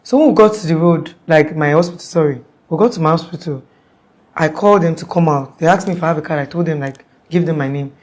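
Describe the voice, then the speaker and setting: Young woman, Nigerian accent, lowish voice, rambling casual account, lots of fillers. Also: fast talker, a little mellow. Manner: rambling and conversational, with frequent "like" fillers and restarts. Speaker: interviewee.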